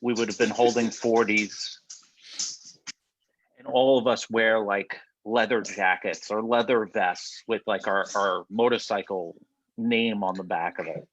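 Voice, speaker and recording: A man co-hosting a casual podcast, teasing his friend in a deadpan way, with a slight lisp from a bitten tongue. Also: on the low side, measured pace, lo-fi sound. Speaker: podcast co-host. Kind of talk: casual joking chat.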